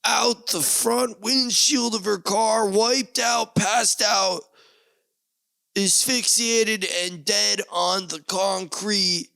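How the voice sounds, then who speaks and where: A man doing a grave, slow TV news reporter. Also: sits high, fairly even intonation, creaky, bright, forceful tone, dry recording, voice pushed up, exaggerated voice, low-quality recording. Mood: mock-solemn. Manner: slow, grave, emphatic delivery. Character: dramatic male TV news reporter.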